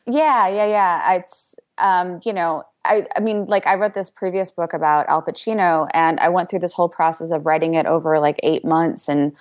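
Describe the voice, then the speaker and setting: A woman speaking low in her range as a guest author in an interview. She answers in a relaxed, halting way, pausing often on "um" as she gathers her thoughts. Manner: relaxed, hesitant, many "um"s.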